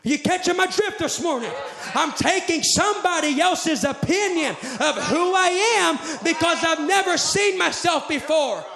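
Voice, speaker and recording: A man preaching a fervent, shouted sermon to a congregation, repeating phrases in rhythmic refrains. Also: extremely high pitch, expressive, moderate pace, gravelly. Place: church sanctuary with congregation. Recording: echoey church hall with crowd.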